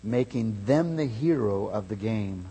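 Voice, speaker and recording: A male preacher tells a story from the pulpit at an unhurried pace, his husky voice carrying a long reverb through a large church hall. He builds the tale up to loud calls, then settles back into quiet exhortation. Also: fairly low pitch, animated. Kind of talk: sermon. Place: church sanctuary.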